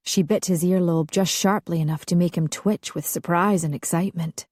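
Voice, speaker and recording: A woman narrating a historical romance audiobook in a slow, hushed, sensual reading. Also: lowish voice, fairly even intonation, no echo, studio quality.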